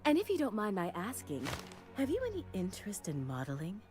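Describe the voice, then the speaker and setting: Game fashion designer, flamboyant, theatrical, doting, animated pitch. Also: female voice, brisk, soft background music. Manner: grandiose, theatrical, showering people with endearments. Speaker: game character.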